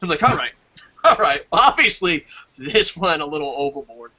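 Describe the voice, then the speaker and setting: A man's voice: a little high, very animated, normal speed, bright, forceful tone, lo-fi sound. A man hosting a casual wrestling review stream, reading viewer comments aloud, swearing freely and laughing at his own jokes. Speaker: wrestling show host.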